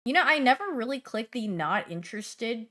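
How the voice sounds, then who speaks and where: A young woman streamer in casual livestream chat, playful and chatty, answering her chat and swinging from loud bursts to mumbling asides. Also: on the high side, expressive, normal speed.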